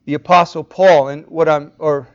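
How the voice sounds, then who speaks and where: A man's voice: on the high side, fairly even intonation, normal speed. A male pastor preaching an expository sermon in a somewhat raised voice. He walks through his reasoning step by step and poses rhetorical questions to his listeners. The recording sounds dull and lo-fi.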